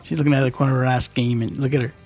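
A man's voice: mid-range voice, steady tone, very fast, a little mellow, faint music behind. A man co-hosting a radio show, bantering casually and teasingly with his wife. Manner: teasing, jokey.

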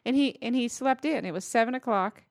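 A woman's voice: fairly high pitch, fairly quick, creaky, dry recording, studio quality. A middle-aged woman co-hosting a podcast, telling stories in casual chat and acting out the voices of the people she quotes. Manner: chatty storyteller who acts out quoted voices. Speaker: podcast co-host.

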